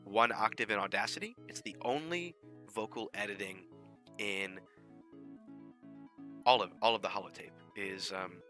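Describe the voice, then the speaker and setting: A man talks casually about making his fan audio drama, in a somewhat low voice with a strikingly bright, forceful edge. He rambles and restarts often, leaning on fillers as he goes. Faint music plays beneath his voice. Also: moderate pace, long pauses. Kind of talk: casual behind-the-scenes talk.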